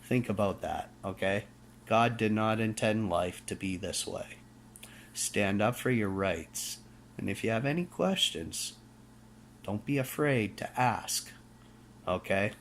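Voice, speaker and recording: Gravelly and unhurried, with lively intonation in a low voice, a Canadian vlogger delivers a casual rant to camera over slight background noise. He's emphatic, fiery and preachy, restarting his words and checking in with "okay?" often.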